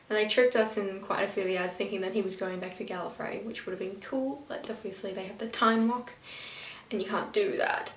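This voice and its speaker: A woman's voice: mid-range voice, distant mic, slight background noise. A woman reviewing a TV episode in a casual vlog, rambling and exasperated, sometimes stumbling over names. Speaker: video reviewer. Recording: echoey room, a bit off-mic.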